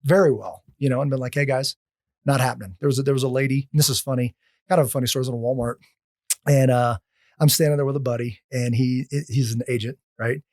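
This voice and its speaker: A man on a podcast as a guest, telling casual stories in an animated way, often restarting his sentences. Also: medium pitch, fast, no room sound, clean studio sound. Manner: animated, acts out quoted lines, frequent restarts. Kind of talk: casual storytelling.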